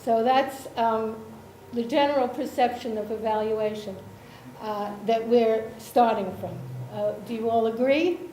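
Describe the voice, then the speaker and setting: Slow, halting woman presenter in echoey room. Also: fairly high pitch, warm tone, a little hiss or hum. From Israel. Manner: hesitant, many ums, checks in with audience. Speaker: workshop presenter, association chair. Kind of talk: slow explanatory workshop talk. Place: lecture room. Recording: echoey room with faint ambience.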